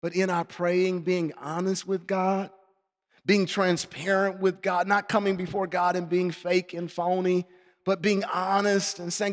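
A man delivers a sermon in a high voice, swinging from fervent shouting to soft, reflective passages. His words ring out with a long reverberation, as though in a large hall. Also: fairly even intonation, unhurried. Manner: passionate, swings between shouting and quiet reflection. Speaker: preacher.

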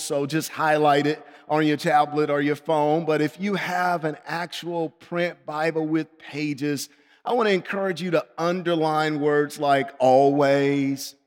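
A male pastor with a high, light voice delivers a sermon in a church sanctuary. He preaches with passion, rising to pleading outbursts and dropping to hushed earnestness. The long reverb of the hall trails behind his words. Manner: impassioned, swings from pleading to hushed.

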